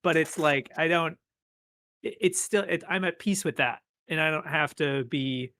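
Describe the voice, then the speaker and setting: A man's voice: on the high side, normal speed, sharp tone, a little hiss or hum. A man co-hosting a podcast in casual chat, rambling and restarting his sentences as he agrees along. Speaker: podcast co-host.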